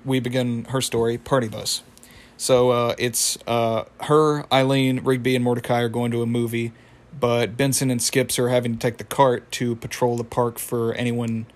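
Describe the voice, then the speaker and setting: Brief: rambling man chatting through an episode recap, monotone. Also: medium pitch. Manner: rambling, laughs often. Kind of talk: casual chat.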